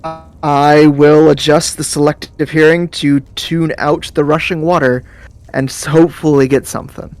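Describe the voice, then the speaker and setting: A man's voice: fairly high pitch, little pitch movement, measured pace, a little mellow, clear, resonant tone. A man playing in a tabletop role-playing game, thinking aloud and hesitating. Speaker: player. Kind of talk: casual tabletop game chat.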